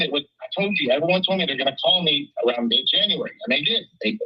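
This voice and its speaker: A man with a husky, slightly raised voice talks quickly on a recorded phone line. He rambles through a long story and swears freely. The call sounds muffled and lo-fi. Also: a little high, lively intonation. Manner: rambling and profane. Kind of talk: casual phone conversation.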